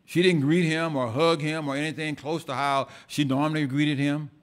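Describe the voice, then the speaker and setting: Speaking on the high side at normal speed and in a steady tone, a male pastor preaches passionately in church, shifting between loud bursts and hushed asides while often repeating words.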